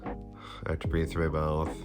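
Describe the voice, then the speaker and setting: A man's voice: extremely low pitch, completely flat delivery, moderate pace. A young man talking casually to camera at home, rambling with lots of fillers. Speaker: vlogger. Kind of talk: casual vlog talk to camera. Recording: background music, voice a bit distant. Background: soft background music.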